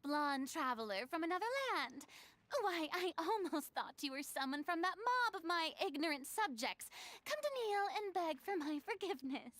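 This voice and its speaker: Furina, a theatrical, haughty young ruler. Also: female voice, extremely high pitch, expressive, moderate pace, fairly bright tone, no echo. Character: dramatic, proud young female archon hiding guilt.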